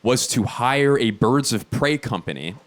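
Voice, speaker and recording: A man in his thirties doing a stand-up comedy set, telling stories in an incredulous, animated way with sudden high outbursts. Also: measured pace, slight background noise. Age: 30s. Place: comedy stage before a live audience.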